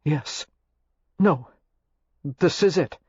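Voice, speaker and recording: Troubled young man voiced by the narrator, hoarse, quiet, slightly lowered voice, dry dull audio. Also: very slow, no echo. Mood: subdued. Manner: quiet and subdued. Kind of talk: audiobook character reading.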